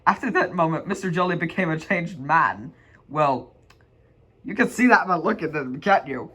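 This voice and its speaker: A man's voice: fairly high pitch, lively intonation, moderate pace, bright, forceful tone, breathy edge. A man reading a children's storybook aloud as an amateur read-along, giggling and stumbling over words. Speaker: reader.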